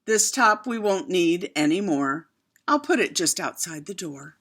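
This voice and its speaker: A woman voicing a calm, busy mother bear in a storybook. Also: fairly low pitch, unhurried, slightly rough, heavily acted.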